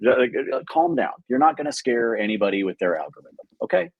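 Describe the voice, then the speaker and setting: A man's voice: mid-range voice, sing-song, quick pace, narrow, tinny audio. A man co-hosting a sports betting podcast, laid-back and teasing his partner. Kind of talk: casual betting picks chat.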